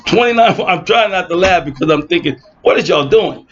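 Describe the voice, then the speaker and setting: In a dull lo-fi recording with a little hiss or hum, a man with a high, slightly bright voice gives informal online Bible teaching. Animated and a little fast, he reads verses aloud and then mocks his opponents with sarcastic asides.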